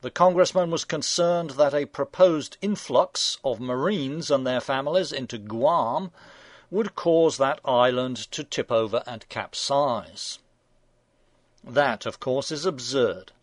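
A man's voice: mid-range voice, takes it slowly, no echo. A man hosting a radio show, reading scripted satirical commentary in a dry, sardonic, mock-indignant manner.

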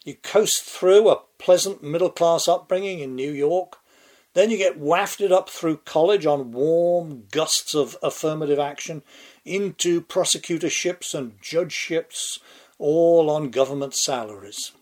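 A man's voice: fairly high pitch, unhurried, a little mellow. An older man with an English accent delivering a sardonic, mocking scripted commentary monologue. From England. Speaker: political commentator.

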